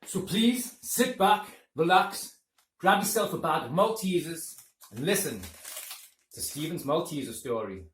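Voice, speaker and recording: A man giving a relaxed spoken intro to a story. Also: on the high side, measured pace, echoey room, a little hiss or hum.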